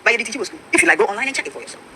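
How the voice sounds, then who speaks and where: A woman's voice: fairly high pitch, lively intonation, very fast, pushed and bright, a little hiss or hum. A Ghanaian woman pastor with a Ghanaian accent, preaching emphatically and mixing English with Twi. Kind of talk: preaching talk-show discussion.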